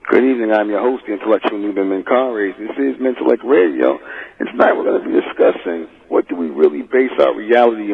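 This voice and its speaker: Guy preaching on talk radio, gravelly, sounds like a phone line. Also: on the low side, lively intonation, quick pace. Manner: preachy, emphatic. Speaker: radio host.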